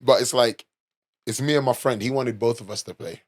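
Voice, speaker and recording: A man's voice: medium pitch, fairly quick, no echo, clean studio sound. A young man from London with a London accent, hosting a podcast and telling a casual, swearing story full of "like" and "you know". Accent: London English. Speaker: podcast host.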